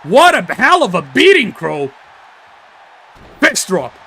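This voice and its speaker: High-voiced bright man hyping wrestling. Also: huge pitch swings, takes it slowly, vocal fry, a little hiss or hum. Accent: Italian. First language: Italian. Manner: jokey, reads chat names aloud, hypes the ring entrances. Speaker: wrestling commentator and show host. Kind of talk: playful wrestling commentary.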